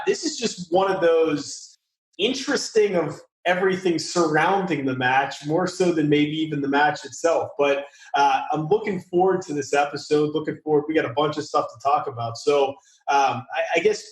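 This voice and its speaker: Relaxed male podcast host, roomy sound. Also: fairly high pitch. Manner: relaxed, hesitant with fillers. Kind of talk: casual chat. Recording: roomy sound with faint music.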